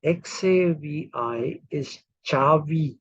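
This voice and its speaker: A man from India lecturing a class in a slow, deliberate way, spelling words out letter by letter. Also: fairly high pitch, expressive, creaky, darkish tone, lo-fi sound, a little hiss or hum.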